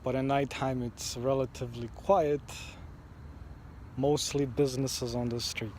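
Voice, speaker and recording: Slow-paced man telling a story outdoors. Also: mid-range voice, flat delivery, darkish tone, slight background noise. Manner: slow, reflective storytelling with acted-out screams. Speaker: vlogger. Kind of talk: first-person storytelling vlog.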